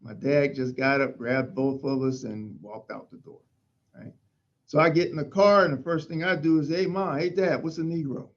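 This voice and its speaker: A middle-aged man from Pennsylvania, a fire chief, telling stories in an interview in an emphatic, animated way. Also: mid-range voice, moderate pace, muffled recording. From Pennsylvania, USA. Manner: emphatic, animated storytelling with acted-out quotes. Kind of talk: storytelling in an interview.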